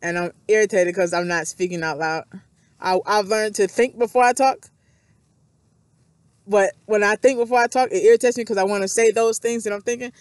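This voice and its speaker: A woman's voice: mid-range voice, brisk, smooth, no room sound. Woman vlogger, casual rambling monologue that drifts into reading aloud, repetitive and self-reflective.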